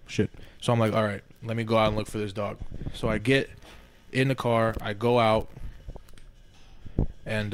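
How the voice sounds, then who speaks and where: Profane animated man telling a story. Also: fairly low pitch, slight background noise. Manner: profane, animated, says "you feel me" often. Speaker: podcast co-host. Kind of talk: casual storytelling among friends.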